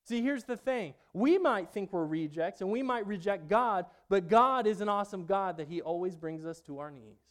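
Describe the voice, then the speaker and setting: A man preaching a personal testimony sermon, moving between hushed passages and loud outbursts. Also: high-pitched, lively intonation, normal speed, hardly any pauses. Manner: dynamic, swings from hushed to loud.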